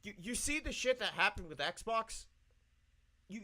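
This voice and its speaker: A man's voice: high-pitched, sing-song, measured pace, pauses often, sharp tone. A man streaming live, ranting angrily with heavy swearing and repeating his points. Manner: profane, angry, repeats himself.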